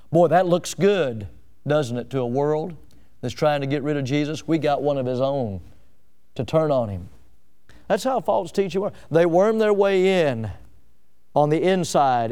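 A man preaches in a high, clear voice, pressing his points with fervent repetition. His delivery is smooth and resonant, broken by frequent "uh" pauses. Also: a little mellow. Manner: fervent, repeats phrases for emphasis, frequent "uh" fillers. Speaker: pastor. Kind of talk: sermon.

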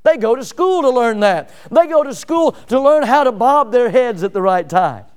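A man pastor preaching a sermon in an animated, emphatic way, full of rhetorical questions. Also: very high voice, normal speed, clean tone.

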